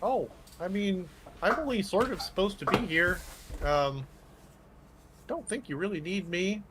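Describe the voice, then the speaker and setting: A man voicing a bumbling character who plays dumb, hesitant and full of pauses. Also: high voice, lively intonation, noisy background, pitched above the performer's own voice. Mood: evasive. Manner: hesitant, faux-innocent.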